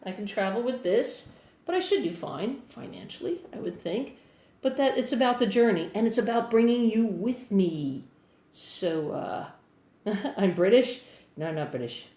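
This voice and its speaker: A middle-aged woman with a New Jersey accent talks in a loose, rambling, upbeat way, answering viewer comments. Her voice sits at a middling pitch. It is picked up by a phone inside an echoey room. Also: expressive, moderate pace, mellow. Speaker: singer-songwriter live-streaming. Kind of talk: casual live-stream chat answering viewer comments. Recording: roomy echo on a phone mic.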